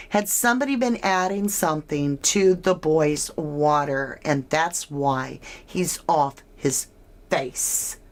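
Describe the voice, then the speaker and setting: A woman talks through a true crime case in a relaxed, speculative way. Her voice sits low and her pace is unhurried, and she keeps turning to her listeners with questions. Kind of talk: casual speculative commentary.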